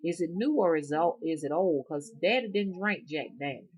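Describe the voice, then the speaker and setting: A woman's voice: low-pitched, lively intonation, normal speed, a little mellow, husky. A middle-aged woman with an Alabama Southern accent, chatting casually to her viewers in a rambling, folksy way. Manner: rambling, folksy, chuckling often. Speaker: rootworker vlogger.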